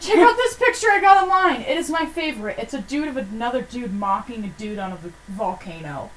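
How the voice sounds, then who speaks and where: A woman voicing a goofy, excitable boy who writes silly letters, with squealing, over-the-top exclamations. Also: fairly high pitch, a little fast, close to an everyday voice. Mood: manic. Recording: distant mic.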